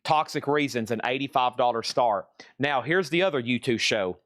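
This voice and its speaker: A man's voice: mid-range voice, a bit bright, dry recording, clean studio sound. Chatty man running a live record sale. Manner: quick, chatty, rattling off prices and bidder names. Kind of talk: live-stream auction chat.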